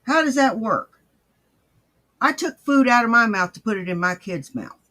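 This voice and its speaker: A man hosting a mocking reaction commentary, his voice high and bright. He swings widely in pitch as he sneers and swears at what he's watching. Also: expressive, moderate pace. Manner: crude, profane and sneering. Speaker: commentary host.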